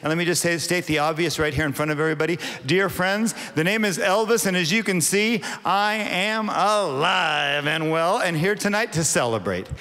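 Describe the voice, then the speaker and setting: A man's voice: high voice, normal speed, hardly any pauses. A man putting on an impersonation of a famous singer as a showy wedding officiant in a Las Vegas chapel, hyping the crowd with emcee patter. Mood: ceremonial. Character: impersonator of a famous singer, swaggering showman crooner. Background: loud rock and roll backing music.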